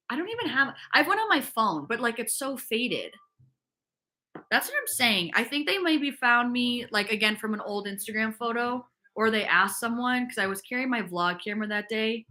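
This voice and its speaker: Slightly high-pitched, pushed and bright, this young woman from upstate New York chats through a casual fitness livestream. Between chat replies, she drifts through a gossipy tale heavy with "like."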